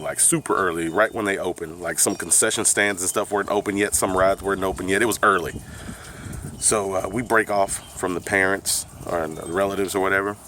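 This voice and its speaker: A man's voice: fairly low pitch, a bit bright, a little hiss or hum. A man telling a story on his vlog, laid-back and profane, often laughing as he talks. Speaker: vlogger. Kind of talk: casual storytime.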